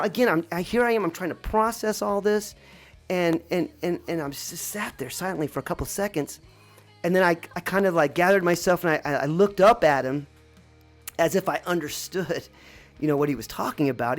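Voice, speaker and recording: A woman's voice: on the low side, a little fast, faint music behind. A woman telling a personal story in a reflective, rambling way, with many restarts.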